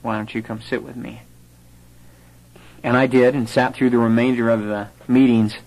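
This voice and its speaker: A man with a lowish voice tells a live audience his personal conversion story, speaking conversationally with some fillers. He's an animated storyteller who acts out the voices he quotes, and the recording is rough.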